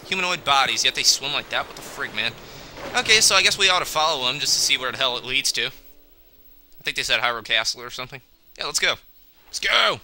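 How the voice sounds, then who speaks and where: A man's voice: mid-range voice, pushed and bright, slight background noise. A young man giving casual, joking game commentary, chatty and a bit grumbly.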